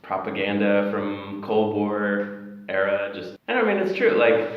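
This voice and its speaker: American male interviewee, casual and chatty, slightly low voice, dull echoey recording. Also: sing-song, unhurried. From United States. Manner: easygoing, rambling, chatty. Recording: echoey dull room with faint noise.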